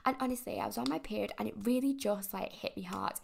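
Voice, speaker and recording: Gravelly-voiced woman chatting. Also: medium pitch, quick pace, a little mellow, a little hiss or hum. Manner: chatty and rambling, many fillers and asides. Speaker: podcast host. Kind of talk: casual confessional chat.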